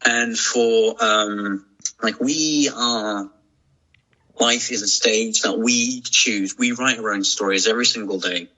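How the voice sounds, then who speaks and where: A man's voice: on the low side, slow, sharp tone, poor audio. A man, a podcast guest talking casually and reflectively, with many restarts and fillers. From England. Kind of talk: casual chat.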